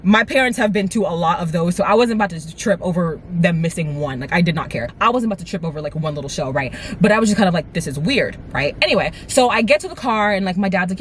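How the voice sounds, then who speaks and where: A woman in her twenties telling a dramatic storytime vlog to her viewers, with lively asides. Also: mid-range voice, very fast, hardly any pauses, slight background noise. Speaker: vlogger. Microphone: camera mic.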